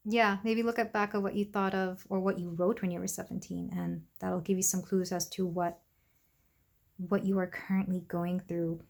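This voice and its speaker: Young woman, tarot reader, gentle chatty delivery full of ums and asides. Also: medium pitch. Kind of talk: casual pick-a-card tarot reading.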